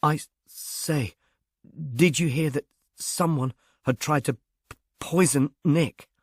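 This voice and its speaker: A man's voice: a little high, animated, takes it slowly, dry recording, studio quality, pitched above the performer's own voice. A man voicing a shy, earnest young Englishman who stammers and speaks diffidently. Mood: earnest, worried. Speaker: reader.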